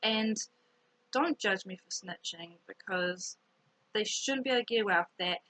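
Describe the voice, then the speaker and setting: A young woman telling a rambling, animated story from her school days in a casual vlog, with many fillers. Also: mid-range voice, normal speed, no echo, low-quality recording.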